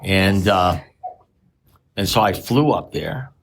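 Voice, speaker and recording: A man's voice: low voice, slow, vocal fry, fairly bright tone, slight background noise. A man telling his story at a recovery meeting, rambling and self-mocking with dry humor. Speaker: AA speaker sharing his story.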